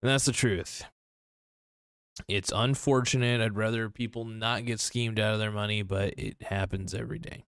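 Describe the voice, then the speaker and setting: A man's voice: on the low side, steady tone, normal speed, fairly bright tone, smooth, no echo, clean studio sound. A man giving casual reaction commentary in a blunt, rambling way, swearing freely and restarting his sentences.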